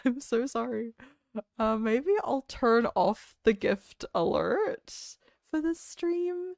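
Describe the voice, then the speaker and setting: Gravelly Kiwi woman rambling on stream. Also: fairly high pitch, expressive, takes it slowly, dry recording, studio quality. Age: late 20s. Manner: rambling and chatty, full of "like" fillers. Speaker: VTuber streamer. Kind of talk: casual chat stream.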